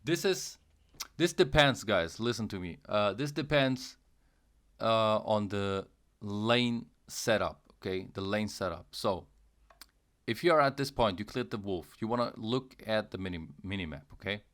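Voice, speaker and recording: Man, young adult, somewhat low pitch, casual game tutorial host, repetitive, playful sound effects. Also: big pitch swings, normal speed, a bit bright. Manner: casual, repetitive, checks in with "okay" and "guys". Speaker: gaming channel host.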